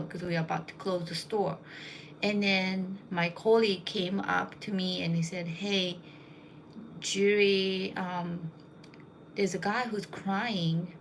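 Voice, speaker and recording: A woman's voice: mid-range voice, gravelly, fairly bright tone, slight background noise, low-quality recording. A young woman casually telling rambling anecdotes, with lots of fillers. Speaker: storyteller.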